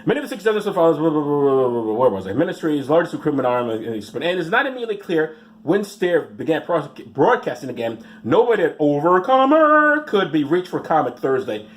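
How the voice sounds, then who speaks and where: A man's voice: fairly high pitch, very animated, fairly quick. A man reading out news stories and mocking them with sarcastic, rambling asides. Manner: rambling, mocking asides, mumbled "blah blah" skips.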